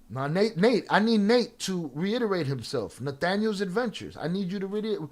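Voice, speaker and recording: A man's voice: high-pitched, big pitch swings, moderate pace. Profane, combative male livestream host. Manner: profane, confrontational, trash-talking viewers. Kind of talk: heated livestream chat.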